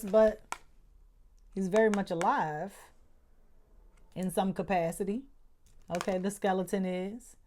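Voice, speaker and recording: Chatty woman tarot reader, slow-paced. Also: medium pitch, a little mellow. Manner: slangy, chatty, repeats "okay?" often. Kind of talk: casual monthly tarot reading.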